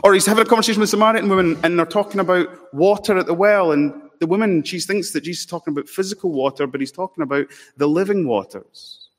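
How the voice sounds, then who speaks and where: A man preaching in a church sanctuary, his voice set a little high for a man. He is emphatic and drags out key words for weight. A long reverb trails each phrase through the hall. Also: fast talker. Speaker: pastor. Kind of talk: sermon.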